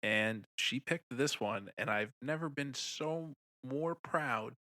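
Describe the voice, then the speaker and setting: A man co-hosting a casual film podcast, excitable and profane, rambling through a plot with many restarts. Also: medium pitch, slow. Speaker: podcast co-host. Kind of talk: casual film review chat.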